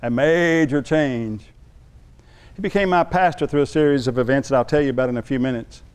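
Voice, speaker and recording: A man preaching a sermon as pastor, telling a story in an animated way and acting out the voices he quotes. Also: mid-range voice, fairly quick, smooth.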